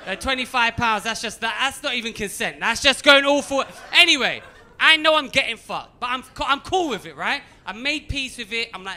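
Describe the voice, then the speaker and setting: A man doing a stand-up comedy routine on a club stage, animated, swinging from muttering to shouting. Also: very high voice, a little fast, a little hiss or hum.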